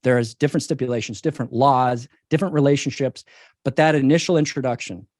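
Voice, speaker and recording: A man's voice: mid-range voice, fast, darkish tone, dry recording. Ceo guy in an interview, punchy and persuasive, hammers points home, dry close mic. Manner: emphatic, persuasive, repeats key points. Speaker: company CEO, interview guest. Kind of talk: business interview answers.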